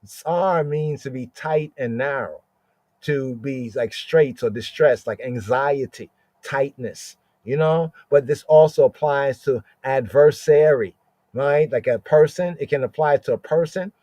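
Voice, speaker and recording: A man teaching a scripture lesson for a podcast. He sounds out Hebrew words slowly and keeps checking in with "right?". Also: mid-range voice, dark tone, dry recording.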